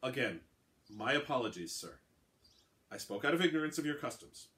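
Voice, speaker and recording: A man's voice: mid-range voice, animated, moderate pace, fairly bright tone, lightly acted. A man voicing a formal, carefully polite male guard lieutenant in a fantasy crime story. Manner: formal, precise.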